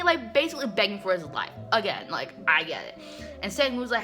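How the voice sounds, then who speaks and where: A woman hosting a casual comic recap, talking in a chatty, animated way with many fillers. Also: mid-range voice, fairly quick, faint music behind.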